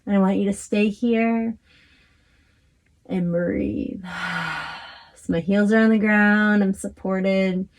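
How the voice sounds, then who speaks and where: A woman instructor gently guiding a stretching class, talking close to the camera from a small closet. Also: mid-range voice, slow pace, pauses often, highs cut off. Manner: calm, encouraging cues with fillers. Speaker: fitness instructor.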